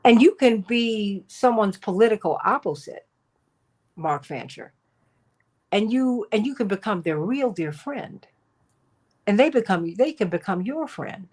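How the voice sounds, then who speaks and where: A woman's voice: medium pitch, lively intonation, measured pace, darkish tone, breathy edge. A woman hosting a political talk radio show, chatting with guests by name and sharing personal anecdotes.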